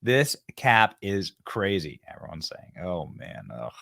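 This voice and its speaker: A man with a somewhat low voice hosts a commentary show. He talks in a sarcastic, mocking tone and laughs readily between remarks. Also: big pitch swings, unhurried, creaky, a bit bright. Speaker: host. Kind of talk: political commentary.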